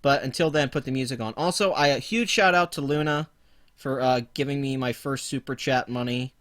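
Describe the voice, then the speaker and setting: Casual male streamer, rambling and profane, mid-pitched everyday voice. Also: fairly quick, a bit bright. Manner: profane, laid-back and rambling. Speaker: livestream host. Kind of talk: casual livestream commentary.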